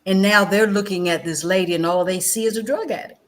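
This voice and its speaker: Speaking fairly quickly over a video call with a bit of hiss or hum, a middle-aged guest educator and former chaplain tells stories with conversational passion. She is insistent, repeats phrases, and veers between loud outbursts and quiet, low sections.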